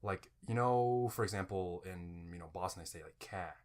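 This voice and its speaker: A man's voice: sits low, moderate pace, darkish tone. A man co-hosting a podcast in casual chat, rambling with many fillers as he explains things. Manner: rambling, full of fillers like "like" and "you know". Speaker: podcast co-host.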